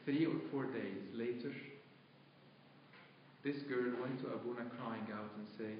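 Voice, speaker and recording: A man's voice: medium pitch, fairly even intonation, a little slow, pauses often, heavy reverb, lo-fi sound, a little hiss or hum. A man preaching a live church sermon, telling a story earnestly with quoted dialogue and emphatic repetition, recorded on a tablet in a church sanctuary. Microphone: tablet recording from the congregation.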